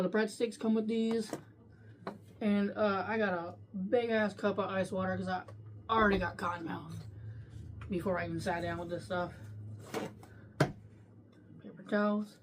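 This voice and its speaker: A woman's voice: medium pitch, steady tone, normal speed, slight background noise. A woman reviewing takeout food on camera in a casual, profane way, talking while she eats and ranting freely. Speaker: food vlogger.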